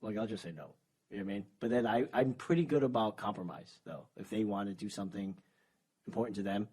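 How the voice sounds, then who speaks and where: A man's voice: fairly low pitch, quick pace, warm tone, husky. A man in his thirties, a podcast guest, talking casually and hesitantly, often restarting his sentences. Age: 30s. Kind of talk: casual chat.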